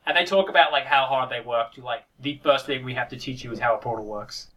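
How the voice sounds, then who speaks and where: A man chatting casually about video games, rambling and animated, with quick impressions. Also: mid-range voice, far from the mic, poor audio. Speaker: podcast co-host.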